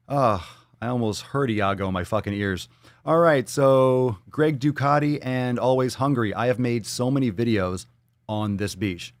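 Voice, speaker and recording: A man's voice: lowish voice, normal speed, no echo. Profane ranting male fitness streamer. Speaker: fitness show host. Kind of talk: live-stream commentary reading viewer comments.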